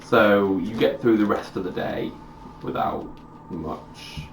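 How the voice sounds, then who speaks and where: A man's voice: lowish voice, slow pace, vocal fry, slight background noise. A man running a tabletop game, chatting casually and narrating in a laid-back way. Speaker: dungeon master. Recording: roomy distant mic with music.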